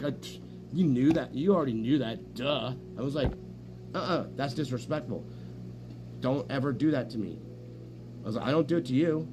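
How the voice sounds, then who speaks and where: Profane rambling man over room hum. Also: mid-range voice. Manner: profane, boastful, jumps between stories. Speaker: streamer. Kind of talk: casual rambling chat.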